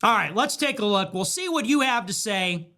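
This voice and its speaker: Man, livestream host, ranting, repetitive, strained voice, high pitch. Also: animated, normal speed, bright, forceful tone. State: voice straining after hours live. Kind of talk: heated livestream monologue.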